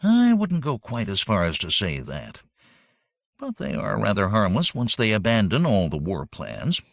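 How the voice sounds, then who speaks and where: A man's voice: lowish voice, wildly swooping pitch, measured pace, creaky, dry recording, voice pushed down, heavily acted. Dry-witted wife, read by a man. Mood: wry. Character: dry-witted capable adult woman, the hero's wife.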